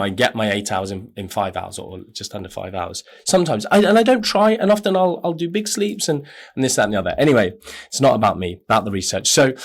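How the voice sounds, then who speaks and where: A man hosting a podcast, talking in a rambling, self-correcting casual monologue. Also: mid-range voice. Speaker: podcast host.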